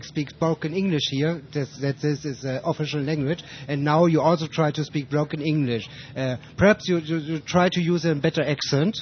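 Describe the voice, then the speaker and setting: A man with a German accent chats on a radio show in halting English, stopping and restarting as he hunts for words. His voice sits a little high. The sound is dull and lo-fi, with a faint hiss behind it. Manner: halting, many fillers and restarts. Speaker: radio guest. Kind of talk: casual radio chat.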